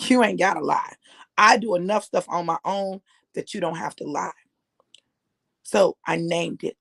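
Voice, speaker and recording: A woman's voice: lowish voice, gravelly, breathy edge, dry recording. A middle-aged woman preacher, giving an earnest personal testimony in a conversational sermon that repeats phrases for emphasis.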